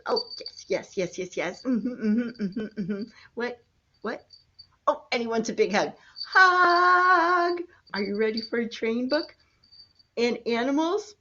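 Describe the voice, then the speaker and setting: A grandmother reads a picture book to her small grandchildren, coaxing them along in a sing-song way. Her voice is fairly high and unhurried, and the recording has its highs cut off.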